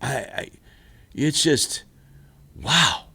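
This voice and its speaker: A man hosting a football recap show, rambling and animated in casual commentary, laughing often. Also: mid-range voice, drawn-out words, husky. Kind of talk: casual sports commentary monologue. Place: studio.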